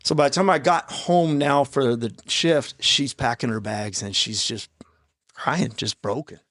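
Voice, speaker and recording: A man in his fifties, a podcast guest, telling his own story in a raw, halting way with blunt profanity. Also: mid-range voice, fairly bright tone, no echo, studio quality. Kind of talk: candid personal storytelling in an interview. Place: podcast studio. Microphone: studio microphone.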